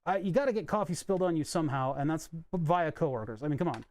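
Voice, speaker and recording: A man rambles wryly on a live stream as he works on electronics at his workbench, dropping the odd swear into a desk microphone. His voice is fairly high and darkish, with lively intonation and a fast delivery.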